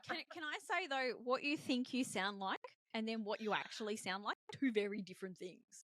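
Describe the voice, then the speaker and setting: A woman's voice: fairly high pitch, fairly quick, a bit bright. A woman co-hosting a casual podcast, emphatic and enthusiastic. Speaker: podcast co-host. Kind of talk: casual chat.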